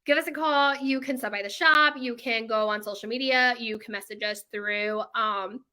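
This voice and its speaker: High bright-voiced chatty woman. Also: moderate pace. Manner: chatty, self-mocking, flustered. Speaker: bakery owner. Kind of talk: casual promo chat to followers.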